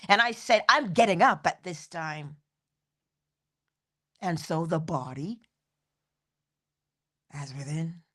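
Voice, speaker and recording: Middle-aged woman inspirational speaker, animated and expressive, likes rhythmic repeated phrases. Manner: animated, swoops high in pitch, laughs often. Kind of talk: spiritual motivational talk.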